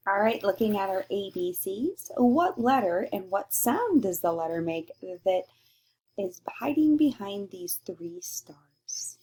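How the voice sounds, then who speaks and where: A woman teacher giving a recorded lesson to young children, slowly sounding out letters and praising answers. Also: medium pitch, animated, a little mellow, slightly rough. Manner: slow, sing-song and encouraging, sounding out letters.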